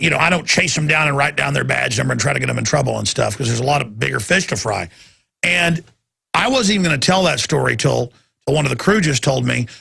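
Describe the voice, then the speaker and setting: A man hosting a talk radio show, ranting intensely in a rambling monologue that climbs to loud, excited peaks. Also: medium pitch, gravelly, slightly rough.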